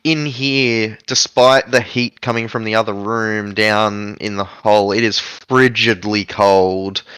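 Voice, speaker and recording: A man's voice: fairly low pitch, fairly even intonation, slow pace, a bit bright, clean tone, no echo. A man narrating a tabletop game as game master, describing scenes with frequent fillers.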